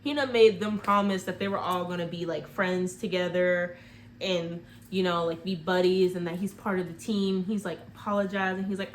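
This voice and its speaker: A woman's voice: on the low side, flat delivery, moderate pace, slight background noise. A woman casually retelling a movie plot in a rambling way, full of "like" fillers. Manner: rambling, heavy use of "like" fillers.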